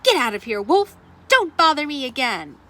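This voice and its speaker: A woman voicing a rude, angry little male pig in a storybook read-aloud, shouting indignantly. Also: high voice, big pitch swings, moderate pace, heavily acted.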